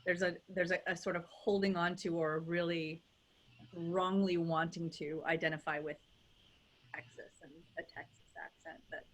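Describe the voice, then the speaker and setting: A woman's voice: lowish voice, little pitch movement, normal speed. A woman dialect coach in a casual video call chat, enthusiastic and effusive.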